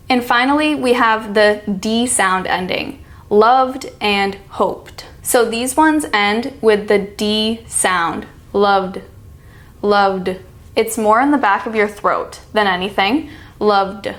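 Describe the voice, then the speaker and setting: An American woman coaching pronunciation, saying each word slowly and clearly so it can be repeated. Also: mid-range voice, fairly bright tone. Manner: slow, demonstrating each sound. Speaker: accent coach. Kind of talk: pronunciation lesson.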